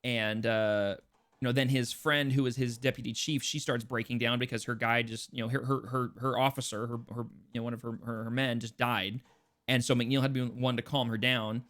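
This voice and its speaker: A man's voice: mid-range voice, level tone, fairly quick, a bit bright. A man hosting a role-play podcast, talking in a loose, rambling way with many restarts. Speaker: podcast host. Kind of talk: casual podcast chat.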